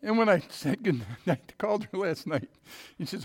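A man's voice: high-pitched, expressive, brisk. Folksy emphatic preacher man. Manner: folksy storytelling, rising to loud emphatic scripture reading. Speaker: pastor. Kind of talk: sermon.

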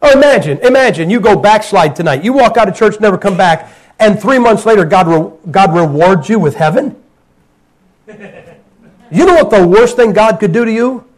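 A man's voice: high-pitched, expressive, normal speed, low-quality recording. A man preaching in a church, telling stories with a folksy, humorous manner. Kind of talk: sermon.

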